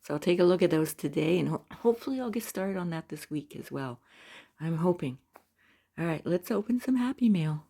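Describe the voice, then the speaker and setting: A woman from Canada talking casually as a crochet vlogger, gushing and excitable as she opens mail. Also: fairly low pitch, fairly quick, creaky. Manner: gushing, excitable, frequent squeals and laughs. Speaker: crochet YouTuber. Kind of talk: casual unboxing vlog.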